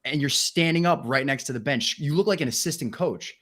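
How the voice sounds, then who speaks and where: A man's voice: on the high side, brisk, fairly bright tone. A man co-hosting a podcast in casual chat, teasing his partner and retelling their shared stories with mock quotes. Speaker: podcast co-host.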